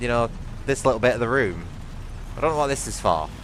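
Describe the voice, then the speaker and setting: A man with a British accent giving excitable live gameplay commentary, swearing often and talking straight to his viewers. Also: mid-range voice, quick pace, slight background noise. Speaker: gaming streamer.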